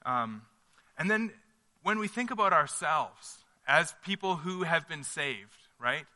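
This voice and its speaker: A man's voice: on the high side, expressive, slow pace, sharp tone, long reverb tail. A man preaching a sermon as pastor, earnest and conversational, often restarting his phrases.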